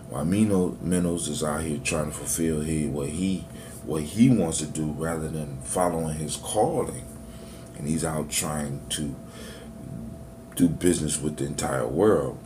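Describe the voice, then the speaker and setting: A man with a low, gravelly voice teaches in a preachy, motivational style. He talks straight to his listeners as if to family. A faint hiss sits behind him. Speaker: spiritual teacher.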